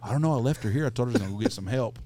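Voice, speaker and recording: A middle-aged man hosting a podcast, telling a crude anecdote in a casual, profane, animated way. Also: mid-range voice, racing, slight background noise. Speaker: podcast host. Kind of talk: casual storytelling.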